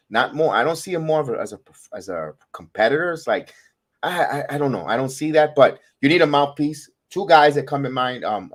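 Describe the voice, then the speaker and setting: A man from the American South co-hosting a casual podcast, talking in long rambling stretches that run on into backstory. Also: mid-range voice. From Southern United States. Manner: rambling, tells backstory with quoted voices. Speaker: podcast co-host.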